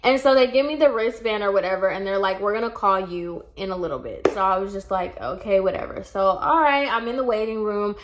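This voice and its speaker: A young woman telling a storytime vlog, animated and exasperated, acting out quoted dialogue as she goes. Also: medium pitch, brisk, hardly any pauses, background noise. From Puerto Rican heritage. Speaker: vlogger.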